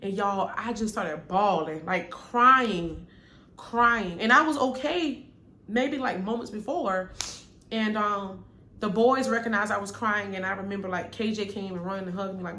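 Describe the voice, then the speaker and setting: A young woman vlogger telling viewers a personal story in a candid, chatty way, calling them y'all and growing quiet at the sad parts. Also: mid-range voice, a little slow. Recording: echoey room with faint noise.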